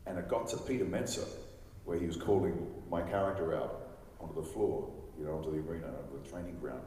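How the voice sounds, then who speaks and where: A low-pitched man in his forties tells rambling, chatty stories to a live crowd and acts out what other people said. His voice carries a long hall reverb. It sounds like it was recorded from far back with some faint noise underneath. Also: quick pace, mellow. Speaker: celebrity panel guest. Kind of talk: anecdotal storytelling to a live audience. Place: large convention hall.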